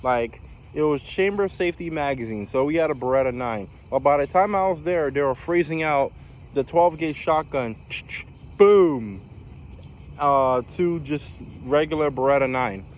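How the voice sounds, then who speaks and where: Lively intonation marks the slightly high voice of a young New Yorker, an ex-navy recruit, telling his story at normal speed in a laid-back vlog. He meanders with many fillers and restarts, over a little hiss or hum.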